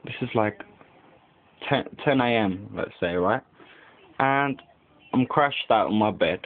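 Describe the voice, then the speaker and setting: Speaking slowly and expressively in a lowish voice, a young man vlogs from home beside a window, rambling on with lots of "like" and frequent cursing. It's captured on tinny, lo-fi webcam audio with a bit of background noise.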